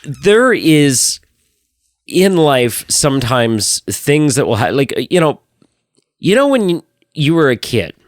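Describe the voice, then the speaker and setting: A man's voice: fairly high pitch, very animated, takes it slowly, dry recording, studio quality. A man co-hosting a podcast in casual chat, telling stories in a rambling, emphatic way with repeated words. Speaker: podcast co-host.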